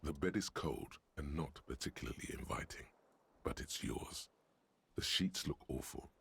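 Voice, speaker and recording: A man voicing the sardonic inner-voice narrator of a detective game, deep and gravelly. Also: moderate pace, a bit bright, a little hiss or hum, full character voice. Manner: dry, sardonic description.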